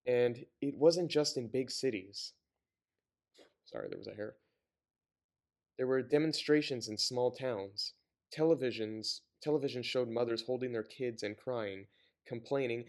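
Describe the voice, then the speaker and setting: A man's voice: medium pitch, a little slow, darkish tone. A man reading a novel aloud, often stumbling, correcting himself and breaking off with sarcastic commentary. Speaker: reader and commentator.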